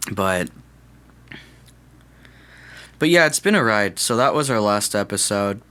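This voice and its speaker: Young male podcast host, lowish voice, loose rambling solo chat with self-corrections and jokes. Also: animated, takes it slowly, pushed and bright, smooth. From California.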